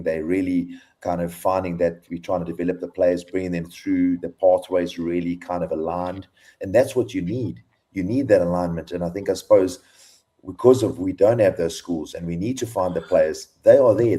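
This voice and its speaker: Deep voiced guy talking rugby on a call, rambly, lots of kind of, you know. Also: warm tone. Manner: rambling, says "kind of" a lot. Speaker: rugby pundit guest. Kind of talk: casual panel chat. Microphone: video call.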